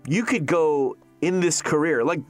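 A man in his thirties answers interview questions in a fairly high, animated voice. He jokes and laughs easily and keeps a loose, chatty flow with plenty of "like" and "uh". Soft music sits faintly underneath. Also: a little slow. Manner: animated, jokey, laughs often, restarts with "uh" and "like". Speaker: voice actor.

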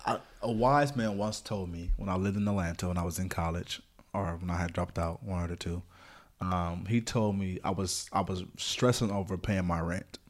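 A man's voice: low-pitched, fairly even intonation, normal speed. A man co-hosting a podcast, talking in a laid-back, affirming way. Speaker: podcast co-host. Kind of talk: casual conversation.

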